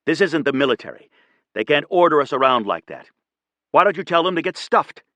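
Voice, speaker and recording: A man doing a furious, shouting young copilot. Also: on the high side, sing-song, brisk, no room sound, voice pushed up. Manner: shouting, angry and resentful. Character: hot-headed young male copilot, bitter.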